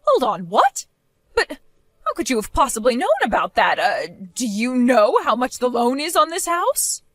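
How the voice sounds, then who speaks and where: A woman's voice: a little high, big pitch swings, moderate pace, fairly bright tone, dry recording, studio quality. Woman doing a bossy, scolding mother-in-law. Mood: alarmed. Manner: demanding, scolding. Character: bossy, controlling middle-aged mother-in-law. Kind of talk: animated storytime voice acting.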